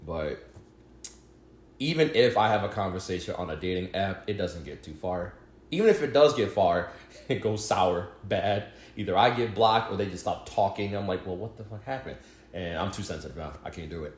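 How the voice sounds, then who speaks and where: A man's voice: low voice, normal speed. A man co-hosting a casual podcast, talking in loose slang with plenty of swearing. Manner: expressive, slangy, swears a lot. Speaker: podcast co-host. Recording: roomy echo.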